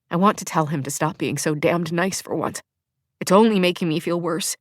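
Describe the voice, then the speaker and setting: A woman's voice: on the low side, normal speed, no echo, clean studio sound. Heartfelt woman narrating an audiobook. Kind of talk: first-person audiobook narration.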